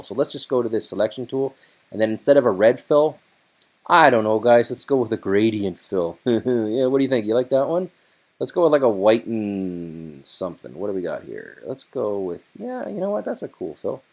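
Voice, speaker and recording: A man hosting a casual screen-recorded software tutorial, chatty and loose, thinking aloud as he works. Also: fairly low pitch.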